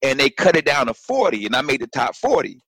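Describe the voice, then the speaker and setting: A man who works as a stand-up comedian, telling a story in casual chat with lively acted-out quotes and frequent swearing, on a home video call. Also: medium pitch, quick pace, husky, dry recording, low-quality recording. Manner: animated storyteller, swears freely, acts out quotes.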